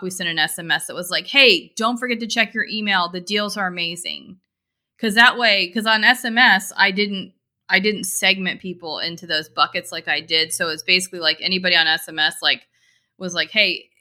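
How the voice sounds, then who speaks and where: Bright-voiced woman, chatty and casual. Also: lowish voice. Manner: chatty, lots of fillers and restarts. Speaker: e-commerce marketer and co-host. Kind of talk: casual business chat.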